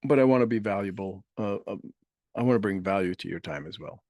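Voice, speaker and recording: A man guiding a meditation, speaking softly and slowly, repeating each affirmation phrase with long pauses. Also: lowish voice, no echo, clean studio sound. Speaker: meditation guide. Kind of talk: guided meditation with call-and-response affirmations.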